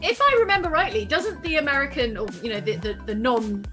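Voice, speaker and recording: A woman co-hosting a casual chat, talkative and incredulous, quick to laugh. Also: sits high, expressive, music in the background. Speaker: co-host, quiz contestant.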